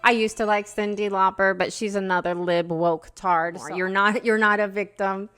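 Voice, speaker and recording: A woman's voice: mid-range voice, fairly even intonation, normal speed, fairly bright tone, smooth. A woman from the United States talking in a casual opinion vlog, chatty and emotional, rambling with many fillers. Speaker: vlogger.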